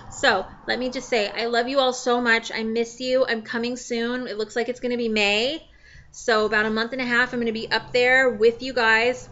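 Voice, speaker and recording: A woman's voice: fairly high pitch, dull audio, slight background noise. A young woman from the United States showing a care package in a chatty, tender video message to her family. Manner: chatty, warm and tender, talking to the camera. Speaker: vlogger.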